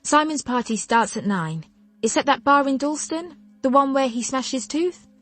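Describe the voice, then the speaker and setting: A woman's voice: high-pitched, expressive, normal speed, a bit bright, voice pushed up. A woman reading the lines of a young female best friend who is chatty, teasing and a little bossy.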